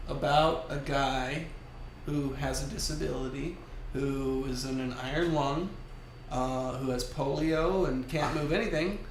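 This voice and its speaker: A man's voice: medium pitch, steady tone, a little slow. A man co-hosting a podcast in casual chat, joking and laughing often. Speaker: podcast co-host. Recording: roomy echo, faint noise.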